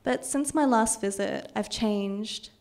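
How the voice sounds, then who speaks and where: A woman's voice: a little high, a little mellow. Reflective young woman telling a personal story. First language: Vietnamese. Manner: reflective, measured, with frequent ums. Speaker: artist giving a public talk.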